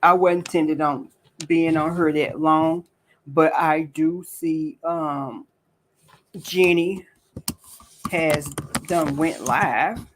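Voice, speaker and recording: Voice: medium pitch, fairly even intonation, extremely slow, long pauses, slight background noise, poor audio. A livestream host giving casual commentary, ranting with profanity and repeated rhetorical questions, and greeting viewers by name between points.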